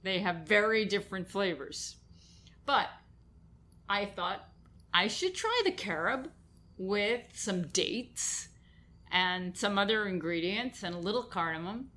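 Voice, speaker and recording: A woman's voice: mid-range voice, animated, slow, bright, forceful tone. A woman with a New York accent, hosting a radio food show in casual chat, talking about a recipe and laughing easily. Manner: chatty, laughs easily, lists ingredients. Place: radio studio.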